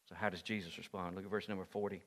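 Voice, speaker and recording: A man preaching a sermon as pastor in a church, moving from hushed asides to loud, impassioned peaks. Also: low voice, little pitch movement, racing, in a large hall. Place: church sanctuary.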